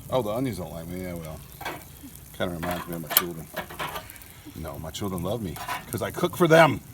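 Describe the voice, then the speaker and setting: A man's voice: low voice, sing-song, brisk, background noise. Folksy man cooking outdoors. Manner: joking, folksy, chatty with his kids. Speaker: cooking show host and father. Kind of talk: casual cooking vlog. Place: outdoors at a grill.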